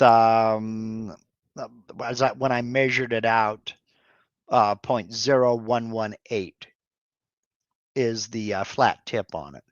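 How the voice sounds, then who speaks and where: A man answers viewer questions on a live stream at an unhurried, halting pace, dotting his sentences with fillers and restarts. His mid-pitched voice comes through a dull, slightly muffled mic with a dry, close sound. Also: no room sound. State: has hiccups.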